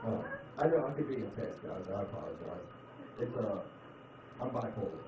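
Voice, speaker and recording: Stand-up comic in an echoey club. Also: male voice, fairly quick. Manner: animated, jumps into loud put-on voices and drops to low mutters. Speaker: stand-up comedian. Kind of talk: stand-up comedy set with crowd work. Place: comedy club stage. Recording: echoey club, distant mic, dull sound, crowd laughter.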